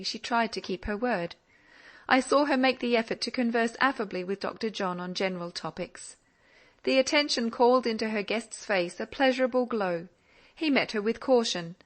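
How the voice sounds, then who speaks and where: A woman narrating a classic novel in an audiobook, measured and reflective. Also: on the high side.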